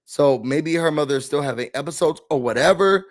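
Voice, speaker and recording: A man hosting a casual reality TV recap, talking in an animated, dramatic way with slangy asides. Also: fairly high pitch, fairly quick.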